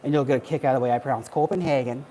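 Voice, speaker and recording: Working out on cardio, a livestream host from Wisconsin keeps up a casual, joking chat and laughs a lot. He talks very fast in a warm, steady, mid-range voice.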